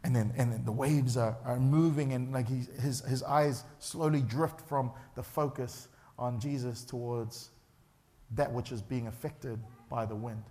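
A man's voice: mid-range voice, a little slow, slight background noise. A male pastor, preaching a sermon in a church and acting out the people in his story. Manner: animated, acts out the characters' voices.

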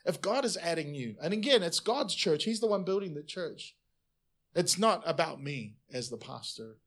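Male pastor, sermon, animated, swings from loud to soft, slightly high-pitched. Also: normal speed. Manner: animated, swings from loud to quiet, chatty asides.

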